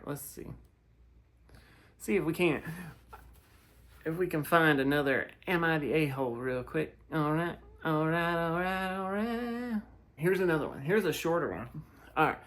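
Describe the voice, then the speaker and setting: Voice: mid-range voice, fairly bright tone. An online commentator casually reading posts and comments aloud, often giggling and breaking off into asides and restarts.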